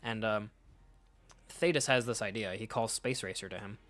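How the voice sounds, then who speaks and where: A man's voice: on the low side, normal speed, fairly bright tone. A man casually reading through a comic and reacting, rambling, swearing freely and laughing often. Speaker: comic reader, channel host.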